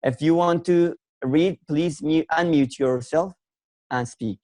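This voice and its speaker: Man teaching online, encouraging, slightly high voice, dry sound. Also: slow pace, a little mellow, dry recording, poor audio. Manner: encouraging, repeats words while searching for them. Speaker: English teacher hosting an online class. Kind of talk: online lesson.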